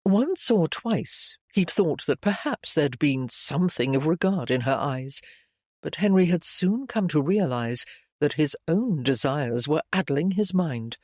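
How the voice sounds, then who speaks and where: A narrator reading a period romance novel aloud in a measured, gentle storytelling manner. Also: mid-range voice, lively intonation, dry recording, clean studio sound.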